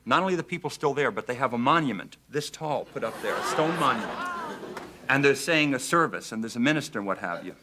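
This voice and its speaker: A man's voice: mid-range voice, fast, background noise. A man talking as a guest on a television talk show, telling long, rambling anecdotes full of fillers. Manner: animated, rambling storyteller with many fillers. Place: television studio.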